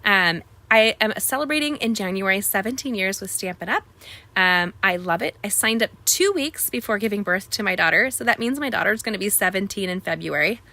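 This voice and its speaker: A woman's voice: medium pitch, lively intonation, brisk, pushed and bright. A woman, chatting bubbly and straight to viewers as host of a live crafting stream.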